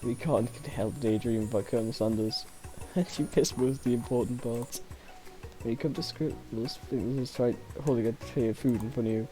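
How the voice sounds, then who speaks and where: A male streamer reads a dating game aloud and keeps breaking off for playful jokes and laughs. His voice is mellow and dark. Faint music plays behind him. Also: medium pitch, fairly even intonation, normal speed. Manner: playful, laughing, joking asides.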